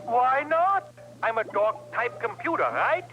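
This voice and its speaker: Smug German-accented ship computer. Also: male voice, extremely high pitch, sing-song, unhurried, lo-fi sound, over loud music, exaggerated voice. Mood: cocky. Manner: cocky, teasing. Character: wisecracking male ship computer, smug and chatty. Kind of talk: 1970s TV comedy acting.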